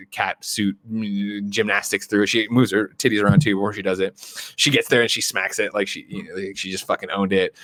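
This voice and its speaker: A man recaps a film on a podcast in a loose, meandering way, swearing and filling gaps with ums. His voice sits low. The sound is dry and close, with no room around it. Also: bright, forceful tone, no echo. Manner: rambling, profane plot retelling with many ums. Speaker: podcast co-host. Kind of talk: casual movie recap on a podcast.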